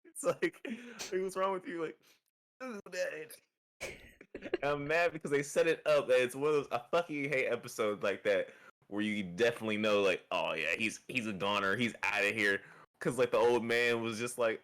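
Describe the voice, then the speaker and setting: A man's voice: medium pitch, moderate pace, fairly bright tone. A man co-hosting a casual chat show, laughing and acting out quotes as he retells scenes. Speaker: podcast co-host.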